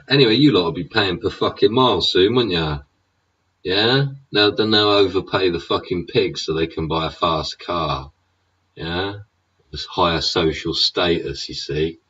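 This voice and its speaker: Angry husky deep-voiced Englishman ranting. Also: fairly bright tone, far from the mic. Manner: angry, sweary, sneering, repeats "yeah?" and "innit?". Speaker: vlogger. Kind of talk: profane political rant. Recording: dull sound, away from the mic.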